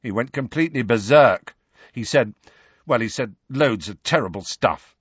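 Male narrator voices an agitated teen boy who rambles; slightly raised pitch, dry recording. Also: expressive, moderate pace, husky, no echo, lo-fi sound. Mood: upset. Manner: agitated, rambling, trails off low. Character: upset teenage boy, quick-talking.

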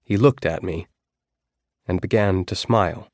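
Male audiobook narrator, low voice, dry close sound, measured first-person storytelling. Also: no room sound.

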